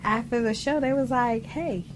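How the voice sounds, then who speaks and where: A woman co-hosting a community podcast with a squeaky voice, speaking directly and with passion. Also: measured pace, a little hiss or hum. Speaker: podcast co-host. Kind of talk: casual interview talk.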